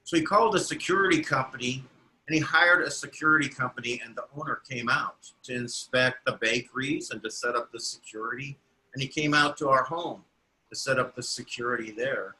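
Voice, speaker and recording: A man's voice: medium pitch, fairly quick, sharp tone, voice pushed down, rough recording. A man voicing a grieving cleaning woman. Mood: quiet. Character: grieving middle-aged immigrant cleaning woman.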